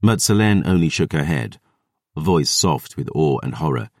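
A man narrating an audiobook in the first person, with a gruff, sardonic, measured delivery. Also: extremely low pitch, lively intonation, dry recording, clean studio sound.

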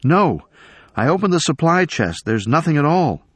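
A man voicing a frightened but determined young woman calling down to someone trapped below, with a husky voice. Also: on the high side, very animated, normal speed, dry recording, voice pushed up. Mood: urgent. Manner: urgent, calling out.

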